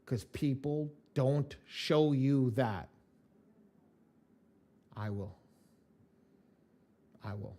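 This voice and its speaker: A man acting as software trainer, speaking casually and in slang straight to the viewers of a live online class. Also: mid-range voice, extremely slow, long pauses.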